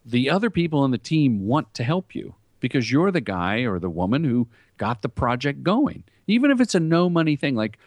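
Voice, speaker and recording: A man's voice: mid-range voice, big pitch swings, moderate pace, hardly any pauses, no room sound. A middle-aged man, a commercial director and comedian, telling anecdotes in an interview and acting out quoted lines. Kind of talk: storytelling interview talk.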